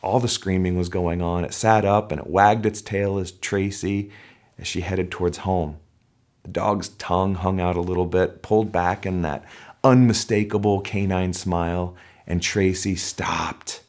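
A middle-aged male pastor giving a sermon, telling a story with animated delivery and shouting out the crowd's cheers. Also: on the low side, a little slow.

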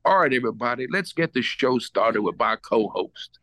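A cheery showman host who works the crowd in a raised, announcer-style voice, as a comedian puts him on. The voice rides well above a low speaking register and sounds dry and close. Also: lively intonation, normal speed, pushed and bright, no room sound. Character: booming cheerful male TV host.

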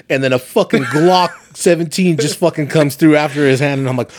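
This man's voice sits on the high side, and he speaks briskly with hardly any pauses. Chatting casually on a podcast, he tells animated, profane stories full of frequent laughs.

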